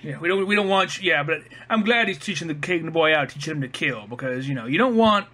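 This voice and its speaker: Bright-voiced joking man riffing. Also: a little high, lively intonation, fast talker. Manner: profane, joking riffs. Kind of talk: casual comedic commentary.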